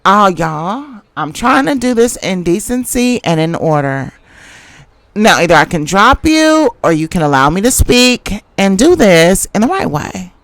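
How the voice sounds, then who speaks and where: A woman reenacting a woman host who answers in a measured, insistent way and keeps calling for order, in a dry close recording. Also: mid-range voice, sing-song, no echo. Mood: defensive. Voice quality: measured, insistent, appeals to decency. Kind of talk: reenactment of a heated livestream argument.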